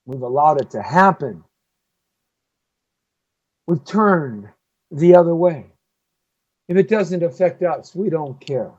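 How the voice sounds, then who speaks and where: A man rants through a heated opinion monologue as a live show host. He jumps from loud, mocking outbursts to low, grumbling asides. The audio is dull and lo-fi. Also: lively intonation, takes it slowly, long pauses. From United States. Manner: ranting, swings between loud outbursts and low muttering.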